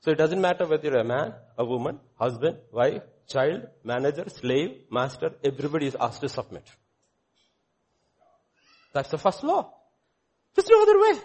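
A man preaching a sermon, animated, swinging between loud exclamations and quiet asides, joking with the congregation. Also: medium pitch, normal speed, husky. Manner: jokes with the congregation, calls on children by name. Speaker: pastor.

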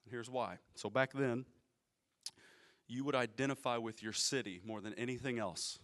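A man with a medium-pitched voice preaches at a normal speed, keeping his sermon casual and conversational. He explains patiently and keeps turning to the congregation with questions.

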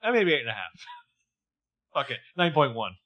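A man's voice: medium pitch, expressive, moderate pace, pushed and bright. A man co-hosting a casual recap chat, joking and profane, often acting out characters' lines in quotes. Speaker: podcast co-host.

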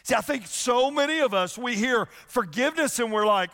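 A man preaching a sermon as a pastor, conversational and animated, often acting out the voices of the people he quotes. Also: high-pitched, fairly quick, hardly any pauses. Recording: long hall reverb.

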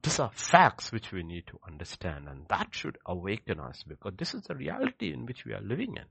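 Gravelly low-voiced male preacher. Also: wildly swooping pitch, fairly quick, dry recording. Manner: emphatic preaching with rhetorical questions; swings between loud declarations and hushed asides. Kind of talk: sermon.

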